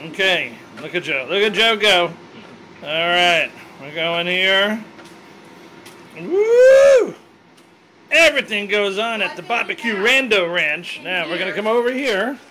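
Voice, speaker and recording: A man hosting a casual family cooking vlog in a kitchen, talking in excited, jokey show-host banter into a handheld camera mic. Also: high voice, moderate pace, crowd noise, poor audio.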